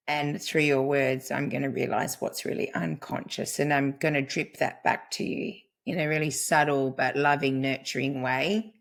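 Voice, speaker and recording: A middle-aged woman speaking as a guest practitioner in a podcast conversation, earnest and unhurried with emphatic pauses. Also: very deep voice, creaky. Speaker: guest, family constellations practitioner.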